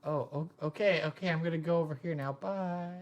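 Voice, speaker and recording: A man's voice: on the high side, brisk, over loud music, pitched above the performer's own voice, close to an everyday voice. A man voicing a shy young male student who stammers nervously. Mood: flustered.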